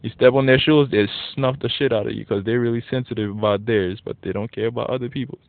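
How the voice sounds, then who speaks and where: A man's voice: mid-range voice, quick pace, dry recording. Male vlogger, blunt and profane casual rant, recorded with thin lo-fi phone quality. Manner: blunt, profane, animated when worked up. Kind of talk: casual ranting monologue. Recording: tinny phone-like dry audio.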